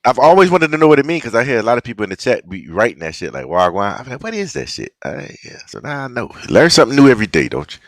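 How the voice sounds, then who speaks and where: A man's voice: mid-range voice, big pitch swings, racing, hardly any pauses, no room sound. Man on a podcast teasing his buddy, blunt and cussing, plain mid voice, dry. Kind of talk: casual comedic chat.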